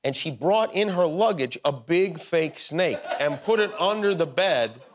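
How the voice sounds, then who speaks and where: A man's voice: a little high, lively intonation, measured pace. A man hosting a late-night talk show, bantering playfully with a guest. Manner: playful, joking. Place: TV studio before a live audience. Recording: loud audience and studio noise.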